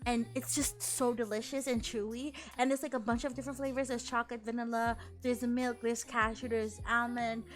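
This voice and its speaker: A woman from the Philippines, a VTuber streamer chatting casually with her chat, animated and laughing often, with casual swearing. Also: on the high side, brisk, hardly any pauses.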